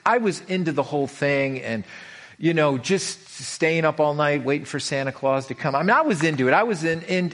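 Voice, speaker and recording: A middle-aged man preaching a sermon as a pastor, telling stories with lots of animation, repeating himself and restarting lines. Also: a little high. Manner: animated storytelling, frequent repetitions and restarts.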